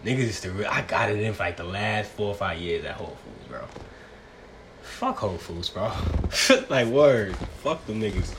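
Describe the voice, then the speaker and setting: A man's voice: lowish voice, very animated, normal speed, a bit bright, slight background noise. A young man hosting a casual solo podcast, talking in a profane, rambling, slang-heavy way. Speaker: podcast host.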